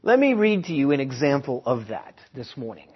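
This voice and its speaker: A man preaching a sermon and reading a passage aloud, emphatic, swelling and then dropping to a hush. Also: mid-range voice, big pitch swings, a little fast, slightly rough, highs cut off. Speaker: pastor.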